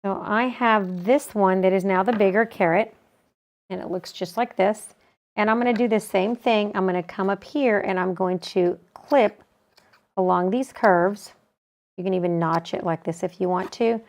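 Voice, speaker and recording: A woman at a middle pitch, teaching a quilting technique. She talks in a calm, practical way, describing each step as she works with her hands. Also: moderate pace. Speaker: quilting instructor. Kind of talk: step-by-step sewing tutorial.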